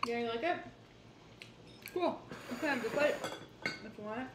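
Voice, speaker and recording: A woman co-hosting a cooking show, chatting in a relaxed way and giving measured, thoughtful comments on the taste. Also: on the high side. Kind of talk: casual chat while tasting food. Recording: echoey room with background noise.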